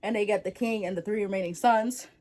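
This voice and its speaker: A woman's voice: mid-range voice, quick pace, a little mellow. Slangy young woman retelling folktales. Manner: slangy, rambling, wry asides with lots of "like". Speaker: storyteller. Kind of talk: casual comedic folktale retelling.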